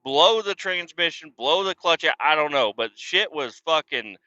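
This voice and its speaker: Casting: male podcast host, bright forceful tone, heavy cursing, rambling casual storytelling, dull dry lo-fi recording. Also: fairly high pitch, expressive, normal speed, no room sound. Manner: profane, rambling, swears constantly.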